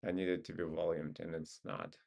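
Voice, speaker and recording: Man with a Russian accent, deep gravelly voice, unhurried, offhand trading commentary. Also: big pitch swings, a little mellow. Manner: laid-back, muttering to himself, joking. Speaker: stock market streamer.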